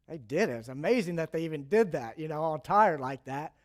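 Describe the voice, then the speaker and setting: A man preaching a sermon in a chatty, animated storytelling way, adding asides and chuckles. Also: mid-range voice, normal speed, hardly any pauses.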